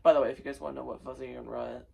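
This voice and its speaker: A man's voice: mid-range voice, steady tone, very fast, creaky, dark tone, breathy edge, rough recording. A tired, sleep-deprived young man talking casually as a vlogger, subdued and rambling with fillers and restarts. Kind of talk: casual personal storytelling.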